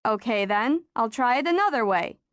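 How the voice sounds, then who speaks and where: A woman's voice: on the high side, expressive, moderate pace, a bit bright, smooth, no echo. A woman voicing an earnest, playful young boy in an audiobook. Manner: earnest, encouraging. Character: patient, playful young boy training his dog. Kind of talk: audiobook character voice.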